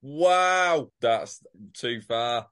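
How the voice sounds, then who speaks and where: A man's voice: mid-range voice, expressive, drawn-out words, a bit bright, clean tone. A British man co-hosting a podcast, teasing and swearing in casual chat. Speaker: podcast co-host.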